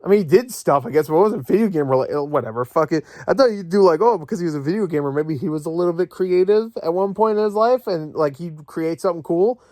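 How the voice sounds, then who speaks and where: A man's voice: fairly high pitch, lively intonation, fast, hardly any pauses, a little mellow, dry recording, clean studio sound. A young man ranting about a movie from bed, sarcastic, profane and rambling. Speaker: movie vlogger. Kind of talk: casual rant. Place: at home in bed.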